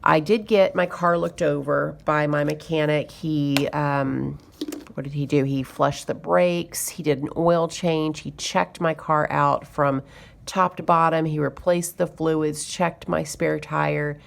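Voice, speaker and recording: Low gravelly woman telling a story. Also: steady tone, slow. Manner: chatty, exasperated retelling with fillers. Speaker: budgeting YouTuber. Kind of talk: casual storytelling to camera.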